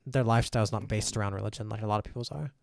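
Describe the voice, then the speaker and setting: A man's voice: on the low side, rapid-fire, gravelly, dry recording, clean studio sound. A man running a tabletop game as game master, narrating and explaining in a casual, rambling way.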